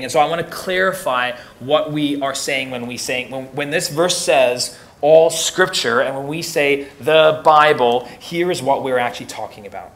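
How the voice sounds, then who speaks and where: A man's voice: medium pitch, fairly bright tone. A young man teaching as a youth pastor in a casual, joking way, often repeating words as he restarts sentences. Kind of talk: casual teaching talk to teens.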